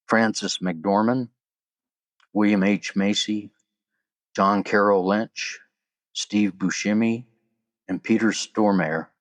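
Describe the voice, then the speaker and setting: A man with a low, deep voice hosts a solo podcast. He talks in a loose, chatty way, with casual asides along the way. The delivery sounds unscripted and conversational. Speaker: podcast host.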